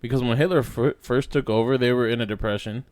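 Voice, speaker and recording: A young man chats loosely on a podcast, swearing freely and restarting his thoughts as he goes. His voice sits at an ordinary middle pitch. The sound is dry and close, with no room echo. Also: steady tone, fast talker, a little mellow. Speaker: podcast co-host. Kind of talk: casual chat.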